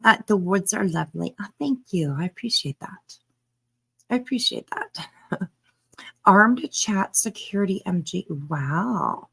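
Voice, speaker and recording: A woman hosting a live stream, a little hoarse, chatting casually and greeting viewers by name with frequent laughs. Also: medium pitch, lively intonation, unhurried, pushed and bright. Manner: chatty, laughs often, reads chat names aloud. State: hoarse, throat tickle.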